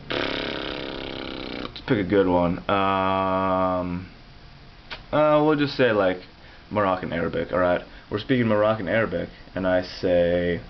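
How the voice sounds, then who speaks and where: A man's voice: sits low, vocal fry, lo-fi sound, a little hiss or hum. A man talking to camera in a casual video about languages, explaining as he goes and often breaking off and restarting his sentences. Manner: rambling, self-correcting, explanatory. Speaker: language vlogger.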